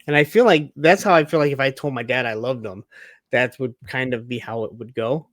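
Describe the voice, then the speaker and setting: Man chatting thoughtfully in a tv recap, mid pitch, dry sound. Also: a little fast, no echo. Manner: reflective, chatty, frequent fillers like "like". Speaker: podcast co-host. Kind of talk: casual TV recap chat.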